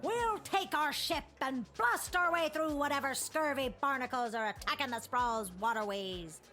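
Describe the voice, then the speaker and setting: A woman's voice: sits high, lively intonation, normal speed, bright, forceful tone. A woman voicing a boisterous female pirate captain in a video game, full of hearty pirate slang and growly laughs. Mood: rowdy. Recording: game audio with faint music.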